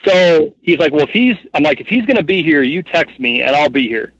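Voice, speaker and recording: A man in his thirties, a podcast guest telling stories casually, rambling with lots of fillers in an animated way. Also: fairly high pitch, a little fast, husky, no echo. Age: 30s. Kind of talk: casual storytelling interview. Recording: dull, muffled podcast audio.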